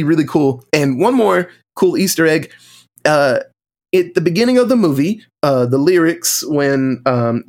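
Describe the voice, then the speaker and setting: Animated man retelling movie trivia. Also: fairly high pitch. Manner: animated storytelling, acting out quotes in shifting voices. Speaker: podcast co-host or guest. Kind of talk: casual movie discussion.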